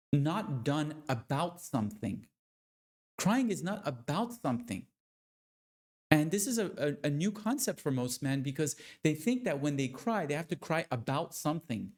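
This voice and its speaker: A man giving a motivational talk to other men, speaking with slow, deliberate, preacher-like emphasis. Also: a little high, a little mellow. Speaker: motivational coach.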